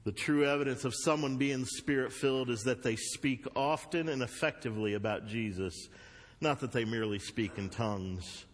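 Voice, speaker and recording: A male pastor with a Southern US accent, preaching a sermon with loud emphatic bursts and quieter earnest asides. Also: medium pitch, normal speed. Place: church sanctuary. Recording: long hall reverb.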